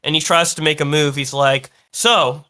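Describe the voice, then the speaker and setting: A man's voice: a little high, fairly even intonation, normal speed, sharp tone. A man co-hosting a podcast, recounting a story in casual chat with hesitant fillers and quoted voices. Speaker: podcast co-host.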